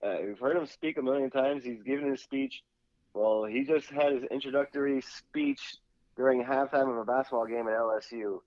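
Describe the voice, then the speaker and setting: A man's voice: mid-range voice, normal speed, a little mellow, dry recording, muffled recording. A man co-hosting a casual sports podcast, laughing often as he tells his stories. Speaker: podcast co-host.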